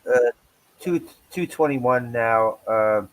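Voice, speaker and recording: A man's voice: mid-range voice, slow, a bit bright, poor audio. A man hosting a podcast in casual banter, repeating phrases and steering the talk. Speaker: podcast host.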